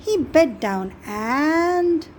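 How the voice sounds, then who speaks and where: Lady reading a kids picture book out loud, high voice, slow, keeps asking the little ones questions. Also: a little hiss or hum, low-quality recording. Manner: asks the listener questions, gentle and expressive. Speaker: storybook reader.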